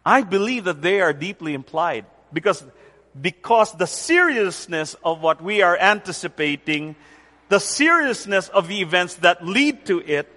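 A man preaching a sermon as pastor, deliberate and emphatic, repeating key phrases for weight. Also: high voice, bright, forceful tone, in a large hall. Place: church center with rain on the roof.

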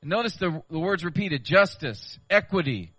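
A man preaches an expository sermon in a bright, forward voice pitched a little high. He works through the text earnestly, asking his listeners rhetorical questions. The sound is dry and close. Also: expressive, moderate pace, husky, no room sound. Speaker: pastor.

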